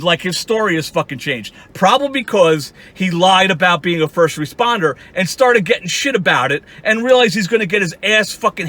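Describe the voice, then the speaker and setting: A man's voice: sits high, a bit bright. A man ranting in a mocking, profane commentary with lots of restarts. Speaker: YouTube commentator.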